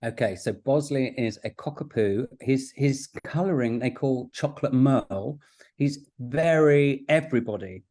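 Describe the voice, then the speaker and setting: A man, a guest in a casual podcast chat, telling stories in a lively way and laughing often. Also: medium pitch. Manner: chatty, quick to laugh, animated storytelling. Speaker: guest broadcaster.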